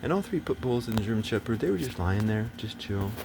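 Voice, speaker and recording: A man with a fairly low voice rambles through a casual monologue, swearing freely and slipping into agitated, preachy stretches. Steady noise and passing vehicles sit behind him. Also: fast talker, vocal fry.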